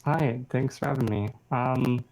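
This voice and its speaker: A man's voice: mid-range voice, measured pace, a little mellow, a little hiss or hum, poor audio. Young dude in his twenties, earnest, says um a lot, game dev guest. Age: 20s. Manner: earnest, lots of ums and likes. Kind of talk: casual interview chat.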